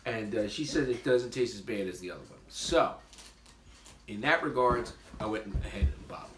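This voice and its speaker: A man's voice: fairly low pitch, normal speed, distant mic. Man, casual beer-tasting vlog, rambling with fillers, noisy background. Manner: rambling, self-deprecating, many fillers. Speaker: homebrewer reviewing his beer. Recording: roomy and noisy, from off the mic.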